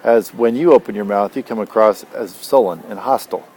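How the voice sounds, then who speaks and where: A man reading aloud and voicing a blunt, sardonic older male mentor, low-pitched. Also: a little fast, darkish tone, slight background noise, lightly acted, low-quality recording.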